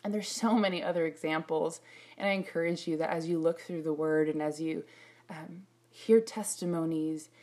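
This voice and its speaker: A middle-aged woman preaching a sermon, telling personal stories in an animated way and acting out her own prayers. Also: deep voice, normal speed.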